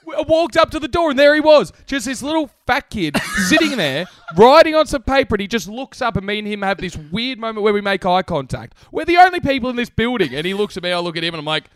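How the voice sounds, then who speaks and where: Young man, animated co-host storytelling, dry close mic. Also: high-pitched, quick pace, few pauses, no room sound. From Australia. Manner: animated, laughs often, swearing. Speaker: podcast co-host. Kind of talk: casual storytelling chat.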